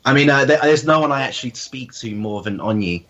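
A man in a band, talking casually and haltingly, repeating words as he talks about his bandmates. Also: medium pitch, expressive, muffled recording. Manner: hesitant, repeats words, warm about friends. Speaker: band member. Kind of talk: casual interview chat.

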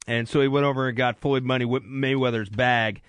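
A man's voice: mid-range voice, fairly even intonation, brisk, clear, resonant tone, no room sound. Rambling, joking male radio host. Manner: rambling, joking, self-deprecating. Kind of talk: casual sports chat. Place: radio studio.

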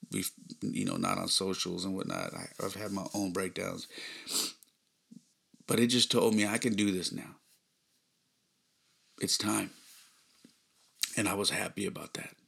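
A man with a low, gravelly, husky voice tells a personal story on his podcast. He speaks earnestly and sounds close to tears, often sinking into hushed, almost whispered phrases. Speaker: podcast host.

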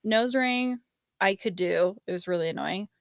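A young woman tells a long personal story in casual chat, laughing often, using lots of fillers, and acting out what other people said. Her voice is medium-pitched with vocal fry and a moderate pace. The recording is clean studio sound with no room sound.

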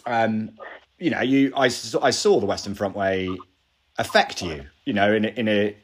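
A man hosting a podcast interview, talking in a relaxed, agreeable, reflective way. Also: on the low side, normal speed. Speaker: podcast host. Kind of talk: casual interview.

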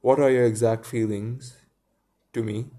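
A man reading the lines of a prim, earnest young girl in a storybook, in his own gravelly voice. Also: medium pitch, moderate pace, dark tone.

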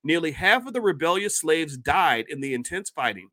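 Man reading aloud with animated asides. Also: a little high, moderate pace. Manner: reads passages then breaks off into animated asides; restarts and stumbles over words when reading. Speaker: commentator reading from a book. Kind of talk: casual commentary reading aloud.

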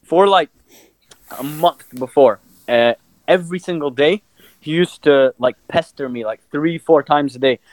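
A young man telling stories on a casual podcast, animated, swearing freely and laughing as he talks. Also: a little high, a little slow, dry recording, rough recording. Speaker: podcast co-host. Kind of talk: casual storytelling chat.

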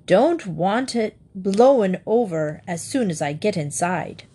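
A woman reading a storybook aloud and voicing a gruff, blustering old male sea admiral who roars and growls. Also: mid-range voice, expressive, takes it slowly, dark tone. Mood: gruff commanding. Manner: roaring, growling.

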